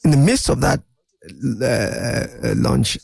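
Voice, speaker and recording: An older man, a guest in an interview, telling animated anecdotes and acting out other people's voices. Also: medium pitch, slow pace, gravelly, breathy edge, no echo. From Nigeria. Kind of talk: storytelling interview.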